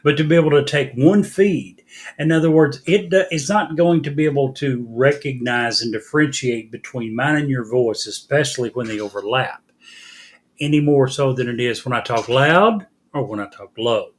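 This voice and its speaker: A man from Kentucky co-hosts a casual podcast. He speaks low and soft, and drops dry one-liners. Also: normal speed. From Kentucky, USA. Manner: soft-spoken, dry joking. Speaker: podcast co-host. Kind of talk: casual chat.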